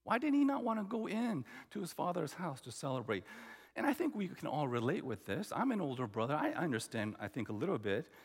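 A man's voice: on the high side, sing-song, a little fast, vocal fry, husky, long reverb tail. A man preaching a sermon, emphatic, acting out the quoted lines. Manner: emphatic, acts out the quoted brother. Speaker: pastor.

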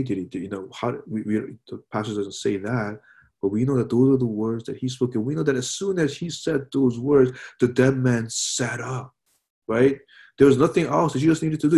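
A man delivers a sermon in an easygoing, conversational way, checking in with his listeners with frequent asides. His voice sits at an ordinary middle pitch, and he drops to a hushed softness whenever he quotes someone. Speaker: pastor.

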